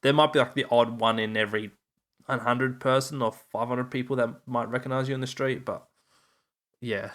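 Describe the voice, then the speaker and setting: A man's voice: mid-range voice, steady tone, moderate pace, a bit bright. A man co-hosting a casual podcast, throwing in joking quips with plenty of fillers. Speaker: podcast co-host. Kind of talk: casual chat.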